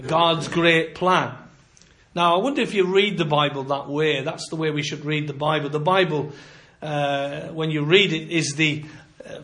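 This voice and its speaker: A man preaching a sermon in a measured, emphatic way, slowing down to quote scripture. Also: a little high, fairly bright tone.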